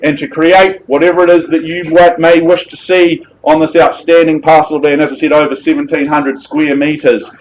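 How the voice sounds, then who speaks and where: High-voiced New Zealand auctioneer. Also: male voice, level tone, moderate pace, few pauses, highs cut off, slight background noise. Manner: jovial, persuasive sales patter. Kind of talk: live auction calling. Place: live auction room.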